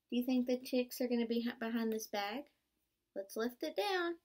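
A woman's voice: fairly high pitch, lively intonation, moderate pace, a little mellow. Young woman reading aloud to kids. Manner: interactive and encouraging, asks children to join in; gasps and plays up surprises. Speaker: student teacher. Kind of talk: reading a picture book aloud to young children.

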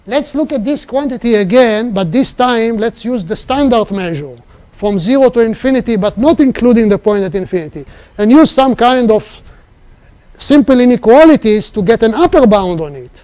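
High-voiced man giving a seminar talk. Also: warm tone. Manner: halting, thinking aloud with restarts. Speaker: seminar speaker. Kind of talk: mathematics seminar lecture. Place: seminar room.

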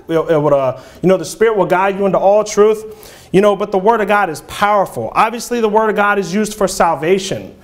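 A man preaching an earnest, halting sermon in a church, with frequent fillers and restarts. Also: high voice. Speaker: lay preacher.

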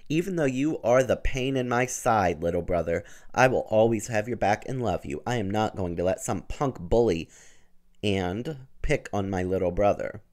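A man's voice: fairly low pitch, lively intonation, normal speed, a little mellow, lightly acted. A man voicing a tough, protective teenage girl who stands up for her little brother. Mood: defiant. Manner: defiant, protective.

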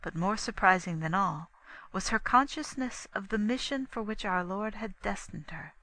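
A woman narrating an audiobook in a measured, even reading. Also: medium pitch, poor audio. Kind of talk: scripted narration.

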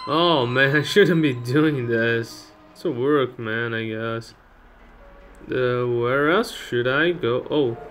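A man's voice: medium pitch, takes it slowly, fairly bright tone, faint music behind. A man giving casual, joking commentary while playing a game, chatting to viewers and laughing at it. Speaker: gameplay channel host. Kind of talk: casual let's-play commentary.

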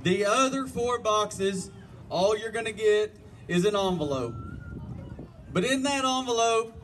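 A man's voice: high-pitched, expressive, unhurried, fairly bright tone. A man hosting a contest, announcing a prize draw and explaining the rules in a folksy, step-by-step way. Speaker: contest host. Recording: distant mic, noisy outdoor event.

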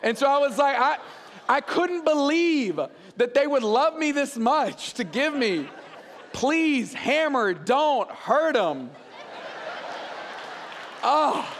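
A man in his forties preaching a sermon as a pastor, an animated storyteller who jokes with the congregation. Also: extremely high pitch, measured pace, long reverb tail, a faint crowd, slight background noise.

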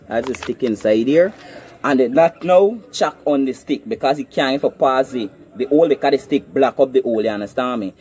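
A hunting vlogger with a Guyanese accent films himself outdoors on his phone, talking fairly quickly in a mid-range, darkish voice. He casually demonstrates a trap step by step and often checks that viewers are following.

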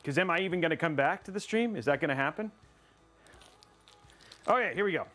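A man's voice: on the high side, expressive, a little fast, sharp tone, soft background music. A man live-streaming a PC build, talking to his chat in a playful, rambling way and teasing them.

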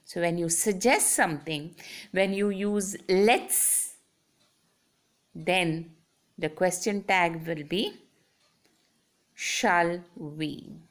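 Slow, deliberate woman teaching grammar. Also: on the low side. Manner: explains step by step, drawing out example sentences. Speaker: English grammar lecturer.

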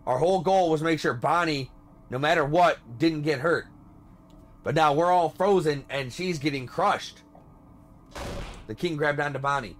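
A man's voice: a little high, moderate pace, long pauses, soft background music. A man playing a video game and reading it aloud, reacting with shocked, swearing commentary. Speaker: let's play gamer.

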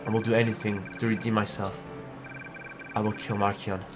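A man voicing a guilt-ridden, remorseful companion who speaks softly and pleads, reading game dialogue aloud. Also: lowish voice, level tone, moderate pace, over music, voice pushed down, natural voice. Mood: grieving. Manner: soft, pleading, downcast.

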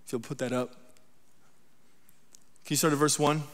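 Male guest preacher, slightly high voice, chatty sermon delivery, long hall reverb. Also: steady tone, slow pace. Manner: conversational, checks in with the congregation often; reads scripture aloud with emphasis.

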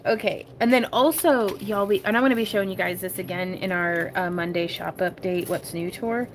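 A woman's voice: fairly low pitch, fairly even intonation, fairly quick, a little hiss or hum. A woman hosting a casual crafting tutorial livestream from her home craft room. She chats with viewers, giggles often and calls them y'all.

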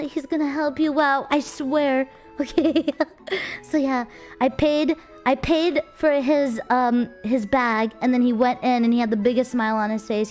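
A young woman streamer telling a story to her chat in a casual, animated way, laughing often and acting out the people in it. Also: high voice. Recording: faint music underneath.

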